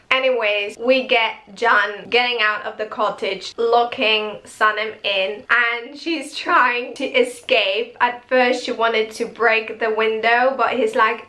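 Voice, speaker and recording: A woman's voice: on the high side, pushed and bright. A young woman chatting casually as she recaps a TV episode, quoting the characters' lines in her own retelling. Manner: chatty, retells scenes with quoted voices. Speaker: episode reviewer.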